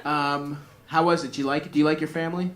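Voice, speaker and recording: A male stand-up comedian from a Greek family does crude, rambling crowd work in a comedy club, laughing through his own jokes. His voice is fairly high and bright, his delivery flat and fast. It's a live club recording with the crowd audible.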